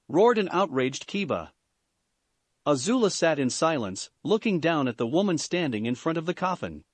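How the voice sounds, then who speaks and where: A man narrating a fan fiction story aloud as host of a story channel, in an animated reading. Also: a little high, moderate pace, dry recording.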